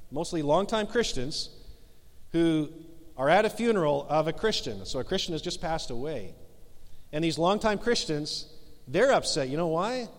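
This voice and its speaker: A middle-aged male pastor preaching a sermon in a church, earnest and emphatic, slowing down to stress key phrases. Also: on the high side. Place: church sanctuary. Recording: long hall reverb in church.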